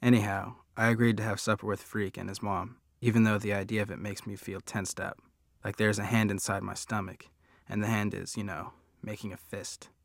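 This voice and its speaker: A man's voice: fairly low pitch, flat delivery, brisk, creaky, dry recording, studio quality. A man narrating a first-person audiobook in a conversational, wry storytelling manner.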